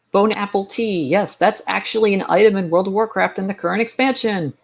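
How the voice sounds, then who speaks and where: A man with a slightly higher-than-usual voice chats on his live stream to whoever drops in. He rants in a sarcastic, rambling way, stopping and restarting his thoughts as he goes. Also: vocal fry. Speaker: game streamer. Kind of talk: casual live-stream chat.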